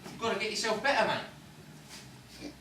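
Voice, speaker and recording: A man's voice: sits high, expressive, measured pace, sharp tone, heavily acted. An actor playing a cynical, swaggering ladies' man in a hospital ward, lecturing in slang. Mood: scornful. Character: cocky London ladies' man, cynical patient. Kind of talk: amateur stage-style film acting. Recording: echoey room, distant mic, faint noise.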